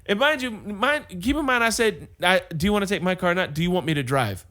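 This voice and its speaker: He's a high-pitched, quick-talking man co-hosting a podcast. His casual chat is packed with animated stories, frequent laughter, and dramatized quotes.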